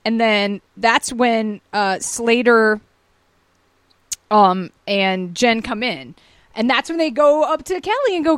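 A woman with a high, bright-pitched voice chats animatedly, recapping a sitcom and jumping into quick impressions of its characters. The sound is dry and close, with no room around her. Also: lively intonation, clear, resonant tone, dry recording. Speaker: podcast co-host. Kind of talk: casual chat recapping a sitcom.

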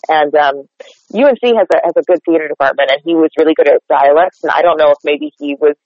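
A woman's voice: sits low, fast, no echo. Chatty dialect coach woman, lo-fi. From North Texas. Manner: chatty, lots of "like" fillers. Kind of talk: casual podcast interview. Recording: dull lo-fi sound, dry.

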